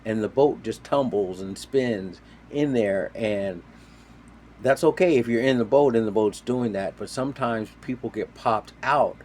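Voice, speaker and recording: Low-voiced man telling a story animatedly. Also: a little slow, a little hiss or hum. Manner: animated, acts out quoted voices with sudden loud and soft swings. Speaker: storyteller on a talk show. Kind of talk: casual storytelling.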